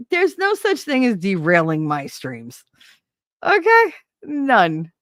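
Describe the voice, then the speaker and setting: A woman's voice: low-pitched, fairly bright tone, dry recording, clean studio sound. A woman streamer in casual live-stream chat, rambling and candid, swearing freely and laughing often.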